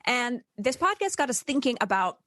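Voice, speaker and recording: A woman co-hosting a podcast, chatty and animated in casual talk. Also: a little high, normal speed, no room sound, studio quality. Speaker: podcast co-host.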